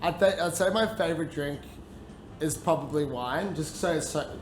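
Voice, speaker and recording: A man's voice: fairly high pitch, moderate pace, slight background noise. A young man from Ukraine, a cafe-owning guest on a talk show, speaking in a laid-back, rambling way with lots of fillers. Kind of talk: casual chat. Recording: echoey room with music behind.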